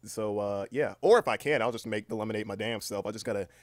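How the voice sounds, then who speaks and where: A man chatting casually on a live stream, rambling and swearing freely, reading aloud haltingly with lots of fillers. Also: lowish voice, no room sound, clean studio sound. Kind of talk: casual livestream chat.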